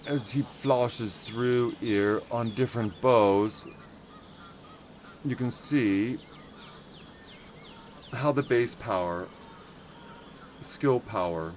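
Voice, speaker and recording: A man's voice: mid-range voice, extremely slow, long pauses, slight background noise. A man hosting a casual game livestream, rambling and self-interrupting with many fillers while playfully mangling German words. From United States. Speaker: livestream host.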